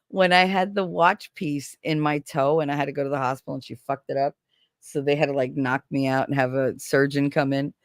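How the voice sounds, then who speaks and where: A woman's voice: very deep voice, dry recording, studio quality. A woman chatting casually on a stream, telling stories with lots of swearing and laughter, acting out the voices of the people she quotes. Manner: animated, swears freely, acts out quoted voices; laughs often. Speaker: stream co-host. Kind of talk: casual storytelling chat.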